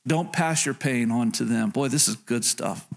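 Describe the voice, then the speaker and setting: A man's voice: mid-range voice, normal speed, gravelly. A man preaching a sermon as a pastor in a church, talking straight to the listeners, asking "can I tell you" and repeating his key phrases.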